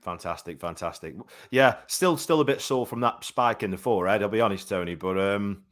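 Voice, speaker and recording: A man's voice: fairly low pitch, fairly quick, a bit bright. A man in his thirties hosting a live boxing talk show, chatty and rambling with many fillers. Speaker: boxing show host and commentator.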